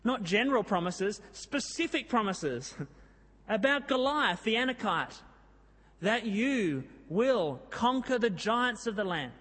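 A man preaching a sermon, telling a Bible story in a lively way and reading scripture with drama. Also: high-pitched, slow. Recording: long hall reverb.

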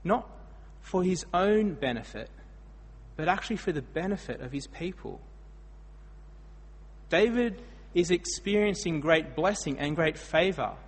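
An Australian man delivers a storytelling sermon, his voice husky and set a little high. He swings between loud emphatic bursts and quiet asides. The sound rings out in a hall with a long echo. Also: lively intonation, measured pace. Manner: storytelling, dramatic swings in loudness. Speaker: preacher.

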